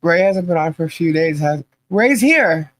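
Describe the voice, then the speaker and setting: A woman hosting a live podcast stream and reading the chat, chatty and halting, laughing often. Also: lowish voice, expressive, rough recording.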